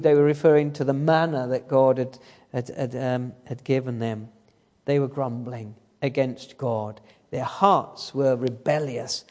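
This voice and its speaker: A man's voice: mid-range voice, fairly even intonation, unhurried, a little mellow. A man preaching a sermon, telling the story and asking the congregation rhetorical questions. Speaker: guest preacher. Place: church hall. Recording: church service recording with long hall reverb.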